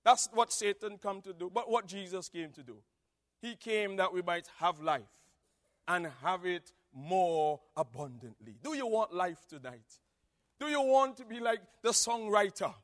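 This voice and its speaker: A man preaching an evangelistic sermon with a Nevisian Caribbean accent, swinging between hushed tones and shouting. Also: sits high, unhurried. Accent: Nevisian Caribbean English. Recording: long reverb of a large hall.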